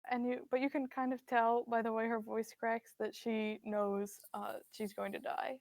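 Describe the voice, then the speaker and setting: A woman narrating a tabletop role-playing scene as game master, descriptive and relaxed, with fillers. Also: a little high, moderate pace, gravelly, hardly any pauses, no echo.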